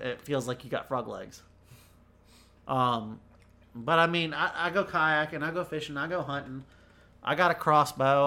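A man with a Southern US accent chats loosely on a podcast. His voice is bright and forceful, and he rambles, often repeating a word or two before his thought gets going. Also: on the high side. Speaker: podcast co-host. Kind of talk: casual chat.

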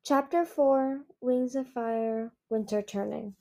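A woman's voice: on the high side, fairly even intonation, slow pace, gravelly, dark tone, soft background music. A woman reading a fantasy novel aloud, hesitant, with frequent restarts. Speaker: audiobook reader.

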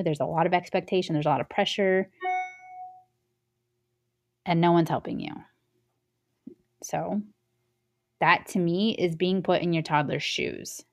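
A young woman hosts a parenting show in a deep, darkish voice. Her casual solo talk is chatty, and she acts out little scenes using changing voices.

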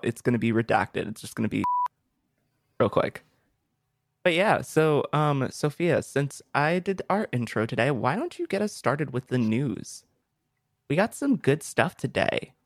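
Playful podcast host man, crisp dry mic. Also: mid-range voice, lively intonation, normal speed, no echo. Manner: jokey, playful, tries out sound effects. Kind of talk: casual podcast chat. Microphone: streaming mic with compressor and EQ.

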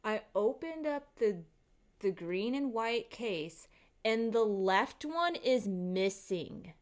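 A woman's voice: medium pitch, slow. Rattled woman telling a story, swearing freely. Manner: animated, profane, rattled storytelling. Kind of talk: casual storytime monologue.

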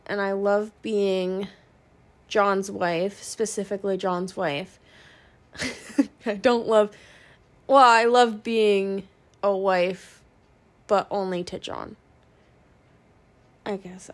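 A young woman hosting her own podcast in a casual, rambling way, frank and swearing, with many ums and pauses. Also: medium pitch. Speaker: podcast host.

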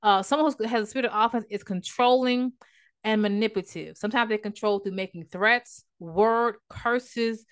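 A woman's voice: medium pitch, normal speed, clear, resonant tone. A woman coaching viewers on relationships in a casual vlog, emphatic and repetitive, with a preachy, church-flavored way of talking. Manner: preachy, emphatic, repeats herself; uses church language and prayer.

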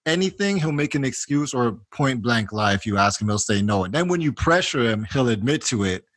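A man chatting casually and telling stories in a blunt, lively way, swearing freely. His pitch sits in the middle of the usual range. The recording is dry, with no echo. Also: brisk. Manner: animated, blunt storytelling with swearing. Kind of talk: casual chat.

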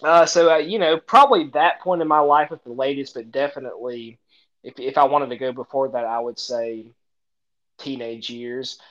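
A man's voice: medium pitch, normal speed, a bit bright, lo-fi sound. A man with an Appalachian twang, co-hosting a podcast in casual chat, chatty, often laughing, with hesitant fillers. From Appalachia, Tennessee-Virginia border. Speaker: podcast co-host.

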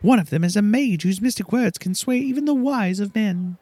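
A man's voice: high voice, moderate pace, a little mellow, dry recording, voice pushed up. Silky, a man doing a haughty theatrical diva. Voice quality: grand, theatrical. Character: haughty vain female actress, theatrical and imperious. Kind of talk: reading game dialogue aloud.

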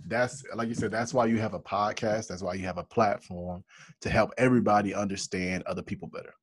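Low husky podcast host. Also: male voice, no room sound. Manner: relaxed, laughs often, quick agreements. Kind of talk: casual podcast chat.

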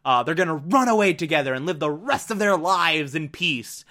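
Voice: medium pitch, expressive, moderate pace, sharp tone. A person casually recapping a show, gushing and breaking into laughter between sentences. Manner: amused, gushing.

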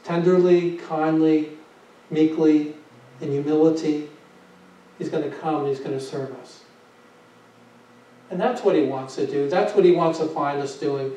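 A man's voice: a little high, steady tone, a little slow, pauses often, warm tone, slight background noise. A male pastor preaching a sermon with emphasis, asking rhetorical questions and repeating his phrases. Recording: echoey, dull sound from a distant mic.

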